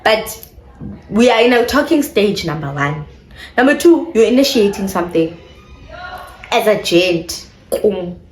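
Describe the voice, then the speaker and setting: A woman's voice: medium pitch, expressive, a little slow, long pauses, echoey room, slight background noise. A young woman with a South African accent telling a storytime to her viewers in casual chat, slipping in isiXhosa phrases. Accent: South African English. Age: young adult. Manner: chatty, addresses viewers, mixes in isiXhosa phrases. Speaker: vlogger.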